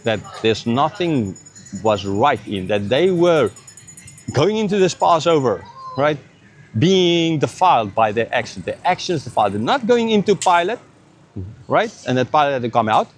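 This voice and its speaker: A man's voice: a little high, big pitch swings, moderate pace, faint music behind. A man giving an earnest, conversational Bible teaching, often checking in with "right?" and "okay". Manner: earnest, conversational, drops into mocking imitations. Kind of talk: informal Bible teaching to camera.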